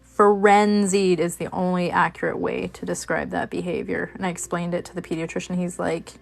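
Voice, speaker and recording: A woman's voice: lowish voice, level tone, normal speed, vocal fry, soft background music. A woman hosting a crafting video, chatting casually while she works, rambling with lots of fillers and restarts. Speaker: crafting channel host.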